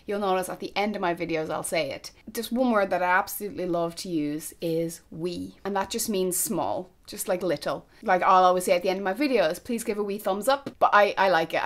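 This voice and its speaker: Gushing Irish young woman vlogger. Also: medium pitch. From Ireland. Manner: chatty, gushing, drops to whispers. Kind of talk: casual chat to camera.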